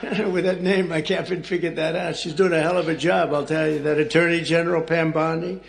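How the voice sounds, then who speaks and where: A man's voice: a little high, level tone, brisk, creaky. An older man giving off-the-cuff public remarks in a large formal room, rambling and teasing his guests. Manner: rambling, digressive, teasing asides. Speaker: speaker at an official event. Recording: crowd murmur and room noise from an archive clip. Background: crowd of guests, background noise.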